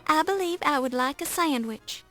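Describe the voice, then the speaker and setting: A woman's voice: sits high, lively intonation, moderate pace, fairly bright tone, soft background music. An actress playing a polite young woman, the game's heroine, who asks prim questions.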